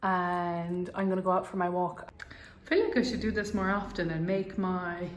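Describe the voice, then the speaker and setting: A woman's voice: lowish voice, flat delivery, normal speed, a little hiss or hum. Young Irish woman, casual chat vlogger, rambling and self-mocking. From Ireland.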